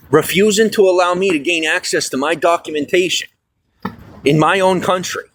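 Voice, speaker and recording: A stressed, fired-up man venting on a livestream, swearing often and swinging from loud outbursts to low mutters. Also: moderate pace, a little hiss or hum. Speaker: livestream host. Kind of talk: angry livestream rant. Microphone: phone.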